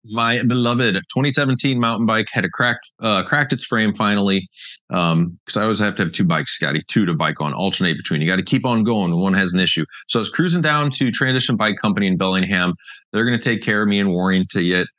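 A show host from British Columbia, Canada, leads a casual chat, telling rambling stories in a laid-back way and laughing often. His voice is fairly low and fairly bright in tone, he talks fast, and there's no room sound.

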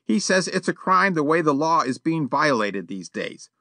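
A man voicing a mild, polite gentleman in an audiobook, courteous and measured. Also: fairly high pitch, very animated, no room sound, studio quality, pitched above the performer's own voice. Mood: kindly. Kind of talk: audiobook character voice.

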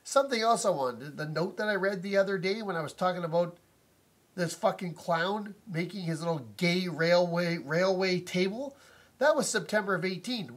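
Husky-voiced man ranting at home. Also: high-pitched, normal speed. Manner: indignant, repeats himself, swears often. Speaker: vlogger complaining about a noisy neighbor. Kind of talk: angry profane rant to camera. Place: inside his house.

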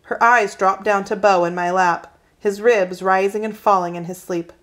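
Brief: woman reading a children's chapter book aloud, calm and steady, mid-pitched. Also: moderate pace, hardly any pauses. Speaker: reader.

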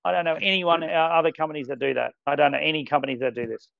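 A man running a casual product training demo, talking with enthusiasm and quick exclamations. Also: on the high side, fairly even intonation, creaky, a crowd in the background. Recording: dull lo-fi sound.

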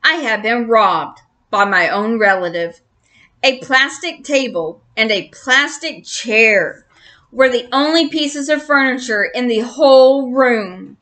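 A woman reading a children's chapter book aloud in an expressive storyteller's manner. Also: on the high side. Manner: slow, expressive.

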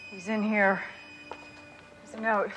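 An actress playing a sharp, level-headed female police detective with a cool, pointed delivery. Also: medium pitch, flat delivery, takes it slowly, loud music behind the voice, natural voice, rough recording. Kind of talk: 1980s TV comedy acting.

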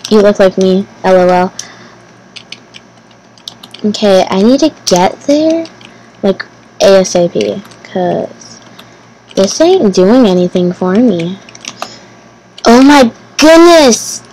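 A woman giving casual gameplay commentary as host of her channel, talking to herself nervously, repeating phrases and bursting into excited exclamations. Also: mid-range voice, slow, pauses often, a little hiss or hum, poor audio. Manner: nervous, anxious self-talk, repeating phrases.

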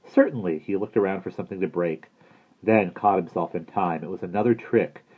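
A man reading a children's book aloud in a lively, expressive way, in a muffled lo-fi recording. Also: low voice, a little fast, slightly rough. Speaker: audiobook reader. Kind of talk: storybook narration.

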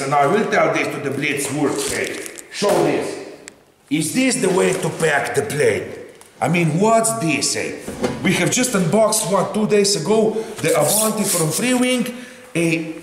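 Animated man with a lively, echoey voice. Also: a little high. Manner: animated, theatrical complaining, tags lines with "eh?". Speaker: RC hobby channel host. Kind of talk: casual unboxing chat. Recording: echoey room with faint noise.

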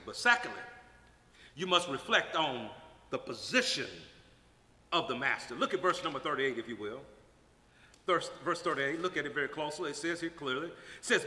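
A man preaching a sermon, swinging between hushed lines and shouted emphasis. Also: a little high. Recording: echoey hall with long reverb.

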